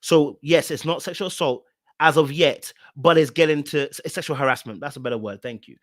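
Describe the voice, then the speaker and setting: Male reaction host, a little high-pitched, dry close sound, blunt and repetitive commentary. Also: fairly quick, no room sound. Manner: emphatic, blunt and repetitive, hammering points home. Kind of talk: reaction commentary on a reality show.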